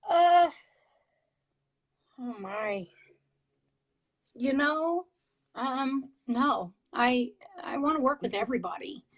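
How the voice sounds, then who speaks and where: A woman on a video call, a paranormal investigator, telling her experiences in an excitable, halting way with many fillers and restarts. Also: high-pitched, dull audio. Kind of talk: casual interview storytelling.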